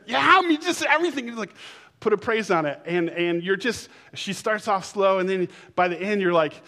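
A man with a high-pitched voice delivers a sermon in a church sanctuary. He preaches in a casual, conversational way and builds to excited shouts. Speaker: pastor.

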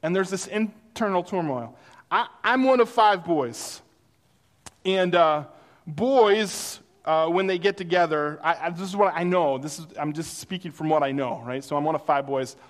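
A man with a fairly high voice delivers a sermon in a casual, storytelling way. He acts out the lines of the people in his stories. His voice carries a long reverb, as from a large hall. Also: moderate pace. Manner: conversational, animated storytelling with acted-out quotes. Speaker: pastor.

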